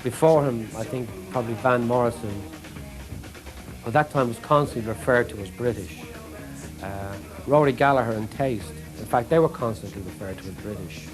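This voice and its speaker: A man explaining history in a measured way during an interview. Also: medium pitch, over music, rough recording.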